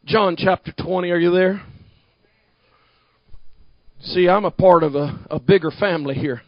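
A man preaching a sermon to a congregation, talking back and forth with them and building to shouted emphasis. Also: high voice, measured pace, dry recording, lo-fi sound. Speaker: pastor.

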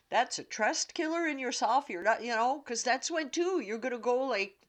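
A woman's voice: on the high side, lively intonation, measured pace. A woman from Canada, talking casually and bluntly about self-trust, swearing freely and acting out inner voices. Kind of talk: casual self-help talk.

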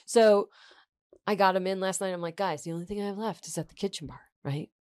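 A young woman co-hosting a podcast in casual chat, an animated storyteller who acts out what people said. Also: medium pitch, fast, no echo, clean studio sound. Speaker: podcast co-host.

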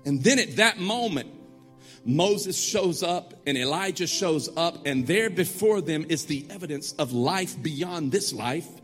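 High-voiced male preacher in a reverberant hall. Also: measured pace, faint music behind. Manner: animated, acts out the story. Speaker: pastor. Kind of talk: sermon.

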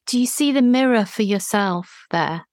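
A woman, hosting a gentle therapeutic conversation in a calm, reassuring, deliberate way. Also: medium pitch, no echo, clean studio sound. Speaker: healing practitioner, podcast host.

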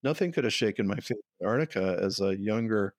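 An older man, a guest herbalist, telling stories in a relaxed way and often laughing. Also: lowish voice, brisk, no room sound, studio quality. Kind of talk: conversational interview.

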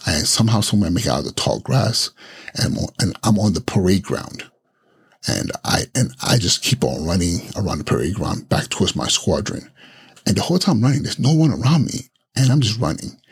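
A low, very husky man from Nigeria with a gravelly edge tells a scary story from his own childhood. His voice swings widely up and down as he builds the tension, repeating himself and restarting lines the way a podcast host does when carried along by his own tale. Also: sing-song, fairly quick. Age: adult.

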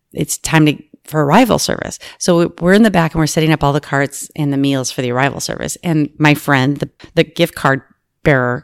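A woman's voice: low-pitched, creaky, smooth, no room sound. A woman who works as a flight attendant, telling a story in casual chat and acting out the other people's lines. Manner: animated, acts out quoted voices.

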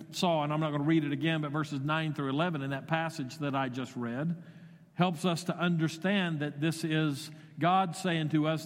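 A man preaching a sermon as pastor, conversational, with wry asides and shifting emphasis. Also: fairly high pitch. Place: church sanctuary. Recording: long reverb of a church sanctuary.

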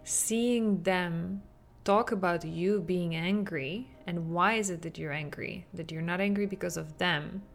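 Gravelly-voiced woman podcast host. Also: lowish voice, measured pace, hardly any pauses, faint music behind. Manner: animated, acts out quotes with laughs. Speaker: podcast host, parenting coach. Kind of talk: podcast monologue.

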